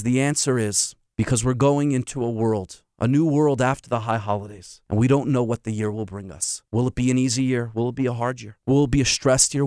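A man's voice: medium pitch, darkish tone, dry recording, studio quality. A man, a rabbi, giving a sermon full of stories and emphatic rhetorical questions. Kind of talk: sermon with storytelling.

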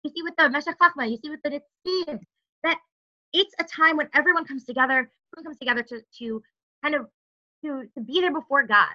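A woman with a high, very bright voice teaches a Torah lesson, reading Hebrew verses and explaining them in English. She pauses, restarts her sentences and asks rhetorical questions. The recording sounds somewhat dull and lo-fi.

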